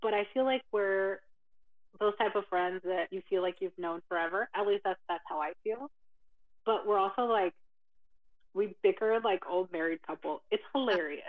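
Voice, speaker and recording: A woman's voice: medium pitch, normal speed. A woman co-hosting a podcast, chatty and teasing, laughing along. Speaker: podcast co-host. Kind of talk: casual podcast chat. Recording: tinny phone line.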